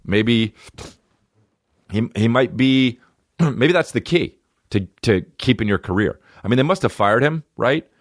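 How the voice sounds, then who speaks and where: A man's voice: medium pitch, lively intonation, unhurried, pauses often, dry recording, studio quality. A man in his thirties hosting a comedy podcast, riffing profanely and slipping into mocking voices. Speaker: podcast host.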